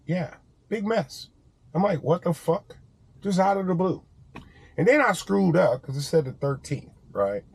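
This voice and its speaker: A man's voice: fairly high pitch, husky. A man talking casually to camera in a vlog, telling stories with lots of swearing and laughter. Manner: animated storytelling, profane, laughs often. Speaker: vlogger.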